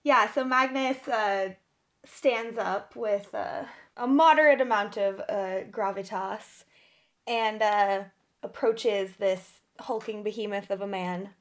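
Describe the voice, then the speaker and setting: Slow-talking woman playing a tabletop game. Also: medium pitch. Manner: easygoing, laughs often, thinks out loud. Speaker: player. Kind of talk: playing a character in a tabletop role-play.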